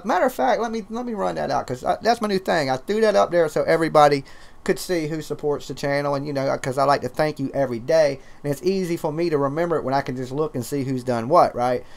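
A man's voice: a little high, vocal fry. A man from Georgia with a twangy Southern accent, hosting a casual, profane, rambling livestream chat. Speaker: livestream host.

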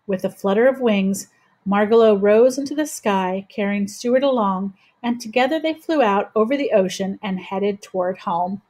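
A woman reading a children's chapter book aloud in a gentle, steady voice. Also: medium pitch, normal speed. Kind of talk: children's storybook read-aloud.

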